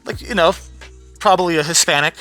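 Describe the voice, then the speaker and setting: A man's voice: on the high side, brisk, bright, forceful tone, faint music behind. A man vlogging with a blunt, sarcastic, profanity-laden rant, sounding tired. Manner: blunt, sarcastic, swears freely.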